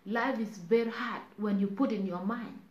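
A woman's voice: medium pitch, moderate pace. South Sudanese woman, earnest live-stream pleading, roomy lo-fi sound. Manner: earnest, pleading, mixing languages. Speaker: online talk host. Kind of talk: casual live-stream talk.

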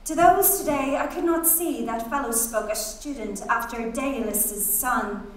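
Slow dramatic lady reader, sing-song rhythm, miked from a distance in a big hall. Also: on the high side. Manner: musical, rhythmic, playing with sounds. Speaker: stage reader. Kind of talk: dramatic literary reading. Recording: very echoey hall, distant mic.

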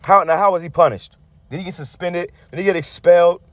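A man's voice: sits high, a little fast, a bit bright, dry recording, faint music behind. A man preaching in a heated, blunt, profane way, commenting on a news clip with frequent restarts and a repeated tag word. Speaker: street preacher. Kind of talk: angry sermon-style commentary on a news clip.

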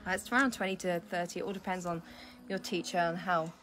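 A woman's voice: lowish voice, steady tone, quick pace, a bit bright, soft background music. A woman, a dance teacher, chatting casually outdoors on a live stream and laughing often.

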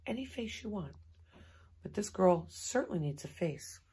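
A woman teaching a recorded remote lesson to young children, animated and sing-song as she coaxes them along. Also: medium pitch, moderate pace, slightly rough. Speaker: kindergarten teacher.

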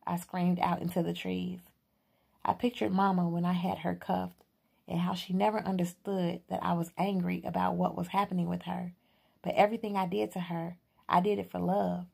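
A woman narrating an audiobook in a steady, unhurried reading. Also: lowish voice, creaky, husky. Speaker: audiobook reader.

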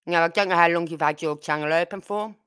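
In a fast, smooth, lowish voice with a fairly bright tone, a Brummie woman hosts a true crime livestream. The Birmingham native chats casually but talks straight to her viewers with blunt indignation.

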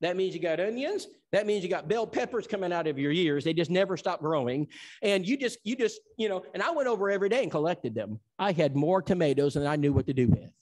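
A man from Tennessee preaches to a congregation with a fairly high, animated voice. He tells stories emphatically and swoops up and down as he presses his points. He drops soft when he wants a line to sink in. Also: fast. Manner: emphatic storyteller acting out dialogue. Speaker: evangelism seminar teacher. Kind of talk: sermon.

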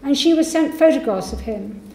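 A woman's voice: high voice, animated, normal speed, gravelly, a little mellow, a little hiss or hum. A woman giving a public university lecture, reading testimonies aloud and voicing the quoted speakers. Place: lecture hall. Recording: echoey lecture hall.

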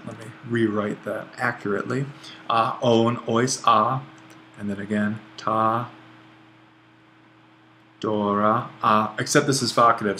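A man teaching a grammar lesson over a screencast, relaxed and thinking aloud as he writes, often correcting himself. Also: on the low side, slight background noise. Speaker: Greek language instructor.

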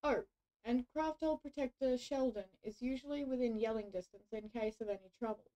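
A woman's voice: on the high side, fairly quick, mellow, lightly acted, rough recording. Gossipy royal advisor, read out by a woman. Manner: reads game dialogue aloud with gossipy emphasis.

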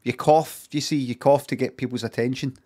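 A man's voice: mid-range voice, fairly even intonation, brisk, a little mellow. Swearing man chatting. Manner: chatty, swearing, rambling asides. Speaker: streamer. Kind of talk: casual reaction commentary.

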